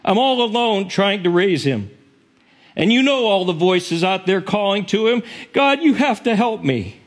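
A woman's voice: medium pitch, expressive, unhurried, pitched above the performer's own voice. A man voicing a desperate mother praying through tears for her son, pleading and urgent. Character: tearful mother begging God for her son.

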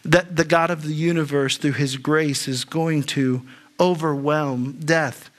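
A man's voice: fairly high pitch, steady tone, unhurried. Earnest male pastor preaching. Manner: earnest, with frequent word repetitions and restarts. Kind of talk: sermon.

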